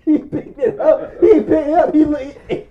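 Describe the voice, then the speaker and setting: A man's voice: very high voice, fairly even intonation, moderate pace, muffled recording. A man telling a story in casual chat, animatedly acting out both sides of the conversation.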